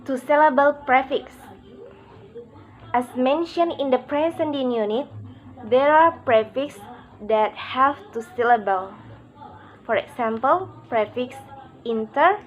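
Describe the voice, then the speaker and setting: A woman reading out a pronunciation lesson, halting and word by word with pauses. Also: fairly high pitch, lo-fi sound.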